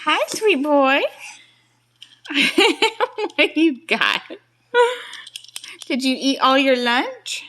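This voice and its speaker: A woman's voice: sits high, animated, slow pace, long pauses, fairly bright tone. A mother talking to her small children in a home video, using coaxing, sing-song baby talk, asking simple questions and praising every answer.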